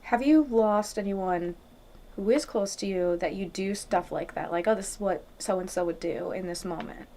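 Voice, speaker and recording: Reflective woman co-host, gentle and questioning, casual chat. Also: mid-range voice, moderate pace, slight background noise. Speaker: podcast co-host.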